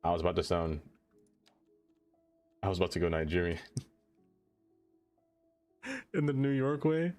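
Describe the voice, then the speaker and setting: A young American man hosts a casual live stream, laughing as he tries out goofy accents. His pitch swings a lot as he plays around, with faint music playing under his voice. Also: very animated, a little slow, long pauses, darkish tone. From United States. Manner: playful, giggly, trying out silly accents.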